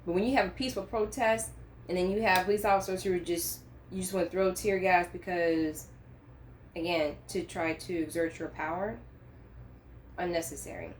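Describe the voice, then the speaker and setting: Woman, unscripted faith vlog, impassioned and earnest, lower pitch, light hiss on the recording. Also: fairly even intonation, moderate pace. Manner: earnest, impassioned, rising to emphatic peaks. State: choked up. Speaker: Christian vlogger. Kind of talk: unscripted faith talk to camera.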